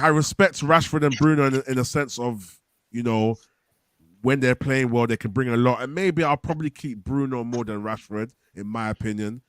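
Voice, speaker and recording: A man's voice: mid-range voice, dry recording, clean studio sound. A man hosting a casual football fan show, reading out viewer comments and giving his views. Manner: relaxed, reads viewer comments aloud. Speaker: football podcast host.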